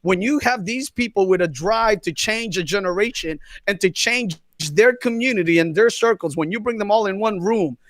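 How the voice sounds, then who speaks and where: Panel guest, male, high-pitched, dry sound; repeats phrases in a preaching cadence. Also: normal speed, few pauses, fairly bright tone, dry recording. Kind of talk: live-streamed panel talk.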